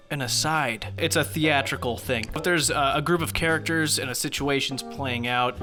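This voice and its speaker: A man's voice: medium pitch, sharp tone. A young man giving sarcastic, profane comedic commentary on a video game, ranting about its writing. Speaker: gaming commentary host.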